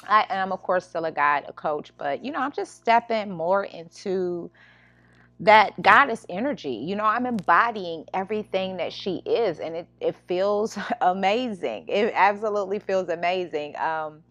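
A woman's voice: mid-range voice, lively intonation, normal speed, fairly bright tone, no echo. A woman hosting her own self-help podcast as a life coach, talking in a casual, earnest way with many restarts and "you know what I'm saying". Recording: slightly dull lo-fi sound.

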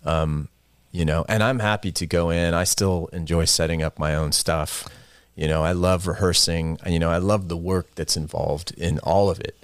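A man's voice: low voice, fairly even intonation, moderate pace, no room sound. A middle-aged man, a guest musician, telling rambling, self-deprecating stories in a casual interview and laughing often.

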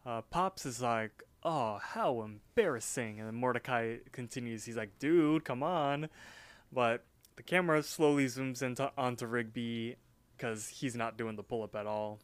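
A man co-hosting a podcast, casually recapping a cartoon episode in a relaxed, chatty way. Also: medium pitch, normal speed, smooth, no echo. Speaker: podcast co-host.

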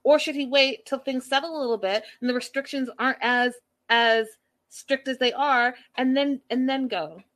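A woman's voice: high voice, moderate pace, a bit bright. Blunt woman recapping a reality show. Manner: blunt, exasperated, talks straight to the cast. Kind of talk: casual commentary.

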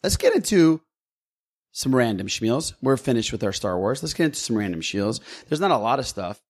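A man's voice: mid-range voice, very animated, moderate pace. A man hosting a casual podcast chat, who jokes around and steers the conversation. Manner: teasing, jokey, steers the talk. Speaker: podcast host.

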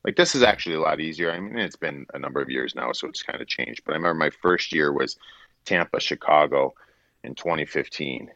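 Middle-aged man, very low voice, rambling storyteller, dry, slightly dull audio. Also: a little fast, dry recording. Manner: rambling, animated anecdote telling with acted-out quotes. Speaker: guest, former hockey player turned broadcaster. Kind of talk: casual storytelling in an interview.

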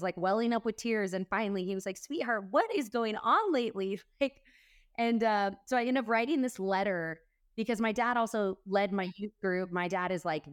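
A woman's voice: medium pitch, clean tone, dry recording, clean studio sound. A woman guest in a conversation, telling a personal story earnestly, with a rush of quoted dialogue.

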